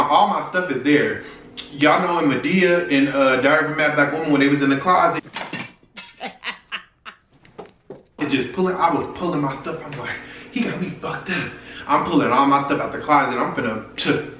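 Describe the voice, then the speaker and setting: A man's voice: mid-range voice, normal speed, bright, forceful tone, recorded from a distance, slight background noise. A young man telling a personal story to his viewers in a frank, profane, casual way. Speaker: vlogger. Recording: echoey room, voice from off-mic.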